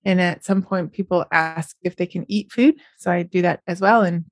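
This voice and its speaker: A middle-aged woman talks on her own podcast in a chatty, upbeat way, with a smile you can hear. Her voice sits low for a woman. The sound is close and dry, with no room around it. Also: steady tone, moderate pace, no echo. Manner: chatty and upbeat, often smiling and laughing. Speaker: podcast host and novelist. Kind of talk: casual solo podcast chat.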